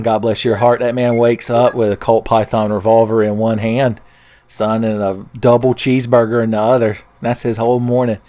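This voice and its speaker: A young man talks through a game he is playing in a loose, joking commentary. He teases the characters and keeps calling the listener "son". His voice sits at an everyday middle pitch. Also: darkish tone. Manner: jokey, playful, keeps calling the viewer "son". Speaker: let's play commentator. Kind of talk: casual gameplay commentary.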